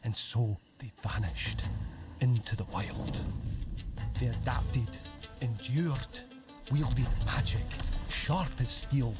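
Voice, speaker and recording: A man doing a slow, grave fantasy trailer narrator. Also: medium pitch, close to an everyday voice. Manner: slow, grave, dramatic pauses. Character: solemn male narrator of a fantasy legend. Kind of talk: scripted epic narration. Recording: trailer audio under loud music.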